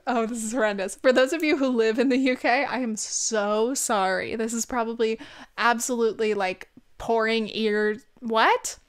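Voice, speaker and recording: A woman's voice: fairly high pitch, steady tone, normal speed, smooth. A young woman with a Californian accent rambling and swearing freely in a casual chat, speaking close to the mic. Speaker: vlog host.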